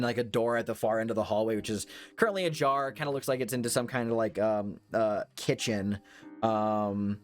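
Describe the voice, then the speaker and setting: A man narrating as game master for a horror tabletop game, rambling with many fillers. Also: medium pitch.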